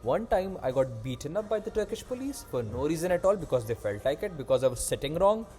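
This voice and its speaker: Young male host, mellow tone, animated rambling storyteller who swears freely. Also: on the high side, fast, faint music behind. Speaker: podcast host. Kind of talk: casual chat.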